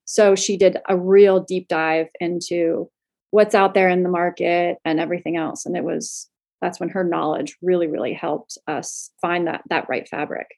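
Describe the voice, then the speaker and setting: A woman's voice: fairly low pitch, moderate pace, creaky. A woman from Florida, co-founder of a clothing brand, telling stories in a casual interview with lots of fillers and laughter. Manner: chatty, animated, laughs often, many fillers.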